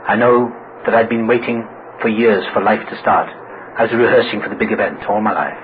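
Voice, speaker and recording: At a recovery meeting, a middle-aged man tells his own story with humor, animatedly acting out the voices of the people he quotes. His voice is on the low side and brisk. The old recording sounds tinny and phone-like, with hiss.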